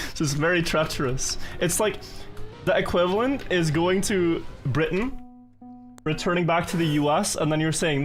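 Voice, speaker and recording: Chatty young Norwegian-born streamer. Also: male voice, on the high side, normal speed, faint music behind. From Norway. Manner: chatty and self-amused, answers chat questions. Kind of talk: casual live-stream chat while gaming.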